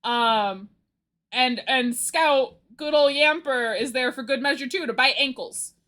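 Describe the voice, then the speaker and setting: Female streamer, high bright voice, unhurried, rambling and giggly. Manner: rambling, animated storytelling with frequent giggles. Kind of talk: casual livestream chat.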